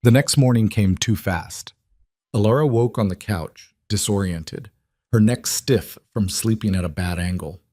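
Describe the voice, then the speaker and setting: Male narrator, measured story read, low voice, dry close mic. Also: warm tone, no echo.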